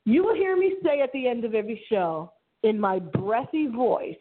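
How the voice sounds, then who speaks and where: A middle-aged woman hosting her internet radio show alone, talking in a theatrical, dramatic way with big swings in pitch. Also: lively intonation, moderate pace, slightly rough. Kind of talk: solo radio show monologue. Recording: phone-line audio.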